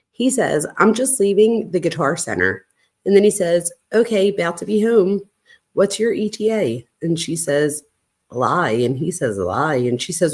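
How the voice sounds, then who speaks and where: At home at night, a woman who hosts a true crime channel casually reads a string of text messages aloud in a flat way. Now and then she breaks off to calm her barking dog. Her voice is lowish and slightly rough.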